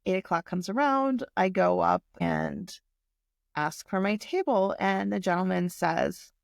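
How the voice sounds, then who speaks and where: A woman's voice: medium pitch, measured pace, creaky, dry recording, studio quality. A woman in her forties telling a personal story in a candid, emotional way and swearing freely. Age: 40s. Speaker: vlogger.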